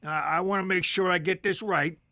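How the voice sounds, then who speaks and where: Sleazy uncle type, high and bright, crude patter. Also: male voice, steady tone, brisk, slight background noise. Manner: crude, wheedling. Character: crude, leering uncle, much-divorced. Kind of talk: adult cartoon voice acting.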